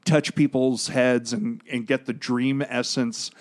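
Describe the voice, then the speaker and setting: Taking his time, this podcast co-host talks in a medium-pitched voice with fairly even intonation. His comic book plot explanations run long, delivered with casual jokes and meandering recaps.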